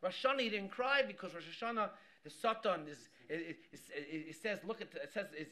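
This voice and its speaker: A man, a rabbi, giving a Torah class with animated storytelling, often repeating himself as he goes. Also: sits high, quick pace. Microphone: live stream mic.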